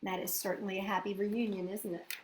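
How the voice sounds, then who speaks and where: A woman hosting a children's story reading, gentle and sing-song, often asking her listeners questions. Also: medium pitch, little pitch movement, brisk, a little hiss or hum. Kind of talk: children's storybook read-aloud. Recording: roomy echoey room.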